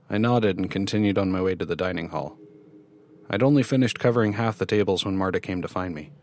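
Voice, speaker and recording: A man reading a first-person horror story in measured scripted narration. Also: sits low, darkish tone, slight background noise.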